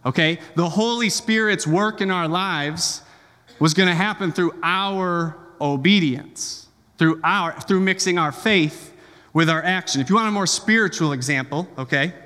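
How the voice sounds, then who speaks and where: A man's voice: high voice, unhurried, sharp tone, long reverb tail. A man preaching a sermon as pastor, conversational and joking, often checking in with the congregation.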